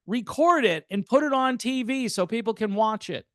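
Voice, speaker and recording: A man's voice: very high voice, lively intonation, moderate pace, no room sound, clean studio sound. A man in his fifties hosting a music commentary channel, talking in a casual, wry and sarcastic way with theatrical asides.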